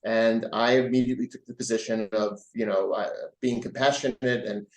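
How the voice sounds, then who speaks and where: A man, a rabbi, answering interview questions earnestly and growing animated as he tells stories. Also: fairly low pitch, moderate pace. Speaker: rabbi guest. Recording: roomy echo.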